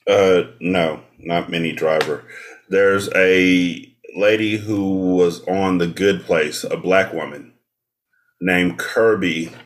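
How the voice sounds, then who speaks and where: A lower-pitched man co-hosting a podcast, talking loosely and playfully. He teases his co-hosts and rattles off long lists of names. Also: fairly even intonation, slow. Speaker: podcast co-host. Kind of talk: casual chat.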